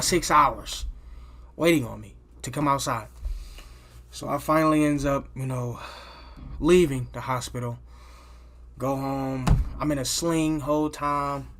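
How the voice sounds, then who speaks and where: Chatty man telling a story, voice sitting high. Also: slow pace, gravelly, pauses often, sharp tone. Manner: loose and profane, with many restarts and "you know what I'm saying" tags. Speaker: vlogger telling a personal story. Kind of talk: casual storytime monologue.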